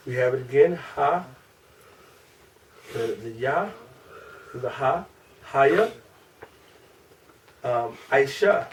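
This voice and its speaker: A man with a Chicago accent teaching a small group class, asking questions and slowly repeating syllables. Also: mid-range voice, lively intonation. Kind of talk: informal group language lesson. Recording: distant room mic with faint noise.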